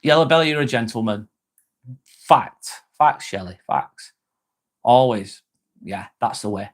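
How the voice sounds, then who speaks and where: A man's voice: mid-range voice, lively intonation, a little slow. Male streamer, casual and jokey, reads chat aloud, swears freely. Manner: reads viewer comments aloud and replies, joking and swearing freely. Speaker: live-stream host.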